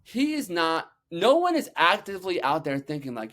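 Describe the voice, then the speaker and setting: A man guest on a podcast, telling energetic stories with loose swearing and many "like"s. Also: a little high. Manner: energetic, acts out quotes, talks fast with many "like"s. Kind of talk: animated storytelling, casual swearing.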